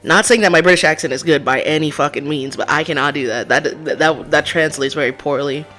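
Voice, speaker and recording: A livestreamer giving casual, excitable playthrough commentary and swearing freely. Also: mid-range voice, brisk. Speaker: livestreamer playing a game. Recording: game music playing behind.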